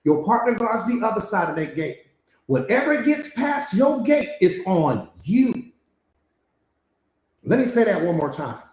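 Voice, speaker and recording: A man's voice: high-pitched, sing-song, a little slow, long pauses, darkish tone. A man coaching on mindset in a live class, emphatic and repetitive, slangy, firing off rhetorical questions. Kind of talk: live-streamed motivational master class. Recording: echoey room.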